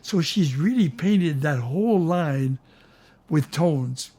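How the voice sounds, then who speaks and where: An older man with a fairly high voice talks through hymn harmony in a relaxed, enthusiastic way. He slows down to stress a point and hums snatches of melody. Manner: enthusiastic, sings melody fragments, slows for emphasis. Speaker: host, music teacher. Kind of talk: casual teaching chat.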